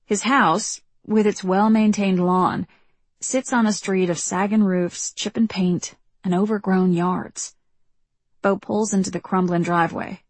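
A woman narrating a first-person audiobook in a measured, reflective way, recorded close on a studio mic. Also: medium pitch, steady tone, no echo.

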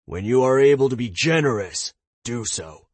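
A man's voice: mid-range voice, lively intonation, moderate pace, slightly rough, no echo, pitched above the performer's own voice. A man voicing a genial older male adventurer who gives fatherly advice in a storybook reading. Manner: fatherly, lecturing, calls others lad.

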